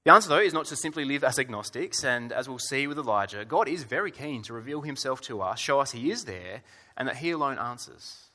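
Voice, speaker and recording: A male preacher addresses around a hundred people in a church hall, his medium-pitched voice brisk, pushed and bright with lively intonation. The sermon is wry and conversational, full of rhetorical questions and fillers.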